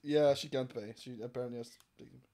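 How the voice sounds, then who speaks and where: A man's voice: medium pitch, steady tone, fast, dark tone. A man hosting a crude comedy podcast, swearing a lot, laughing often and mocking people in put-on voices. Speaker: podcast host.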